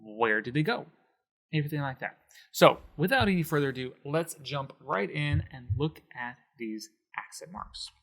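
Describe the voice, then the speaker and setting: A man's voice: a little high, animated, normal speed, fairly bright tone. A man teaching a Spanish lesson on video, explaining with emphasis and sounding out words syllable by syllable.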